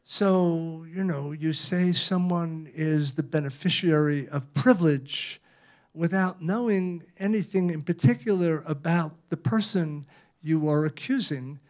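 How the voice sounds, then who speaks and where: A man's voice: fairly high pitch, unhurried, darkish tone. An elderly man in his eighties from Brooklyn, an author giving an anecdotal public talk in a library, conversational and checking in with the audience often. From Brooklyn, New York. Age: 80s. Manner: conversational, tags many phrases with "right?". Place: library event room.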